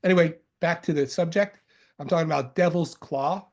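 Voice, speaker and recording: A man's voice: on the high side, brisk. A man from Long Island with a faint Long Island accent, teaching about medicinal herbs in a loose, rambling way, joking and correcting himself as he goes. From Long Island, New York. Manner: rambling and jokey, with self-corrections and fillers. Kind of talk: informal lecture.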